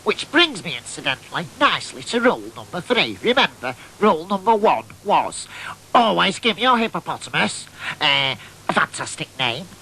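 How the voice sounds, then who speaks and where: A man playing an excitable boyish oddball, telling a comic tall tale in a nasal, chatty way. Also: high-pitched, normal speed, slightly rough, full character voice, low-quality recording. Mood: excited. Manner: nasal, chatty, keeps asking "right?". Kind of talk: comic monologue storytelling.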